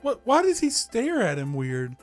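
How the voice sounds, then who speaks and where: High-voiced, giggly wisecracking man. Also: huge pitch swings, moderate pace, soft background music. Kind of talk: comedic table read banter.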